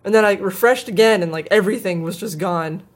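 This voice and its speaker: A woman's voice: medium pitch, brisk. A woman co-hosting a tech news show in casual chat, joking and playful.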